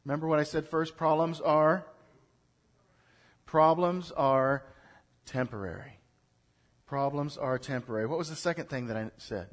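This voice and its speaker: A man preaching a sermon to a congregation, building from quiet urging to loud exhortation and leading it in call-and-response. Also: fairly high pitch, moderate pace, pauses often. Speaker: pastor. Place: church in front of a congregation.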